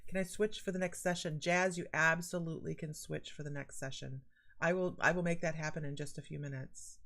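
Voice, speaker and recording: A woman's voice: deep voice, fairly even intonation, fairly quick, gravelly, a bit bright. A woman hosting a casual psychic livestream, chatting animatedly and reading out viewer comments. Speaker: psychic medium host.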